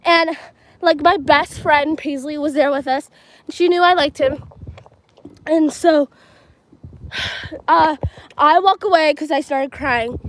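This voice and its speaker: A woman's voice: sits high, slight background noise, rough recording. Chatty teen girl livestreaming outdoors. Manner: chatty, rambling, full of "like" and "um". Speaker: livestreaming vlogger. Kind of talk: casual storytelling livestream. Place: outdoors at a school field and playground. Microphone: handheld phone.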